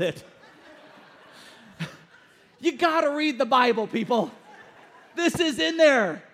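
A man preaching a sermon as pastor, joking and storytelling with lively energy. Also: extremely high pitch, slow pace, pauses often. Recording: long church hall reverb.

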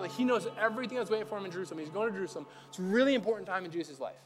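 A man's voice: sits high, very fast, hardly any pauses, soft background music. A young man, a pastor, giving a casual, conversational sermon and acting out the voices of people he quotes. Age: young adult. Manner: chatty, animated, acts out quoted voices.

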